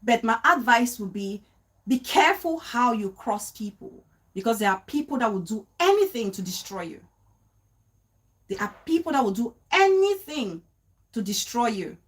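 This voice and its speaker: A chatty woman hosting a livestream talks casually to her viewers at normal speed in a fairly high voice. She's animated, repeats phrases, greets chat viewers mid-sentence, and laughs easily.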